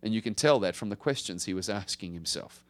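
A male pastor preaching a conversational sermon, swinging from emphatic rises to hushed drops. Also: on the low side, lively intonation, brisk.

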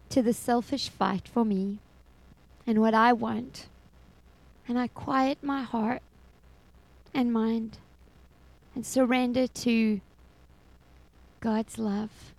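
A woman's voice: a little high, a little mellow, no room sound, rough recording. A middle-aged woman giving a personal faith testimony as a foster mother, telling her story expressively and laughing often.

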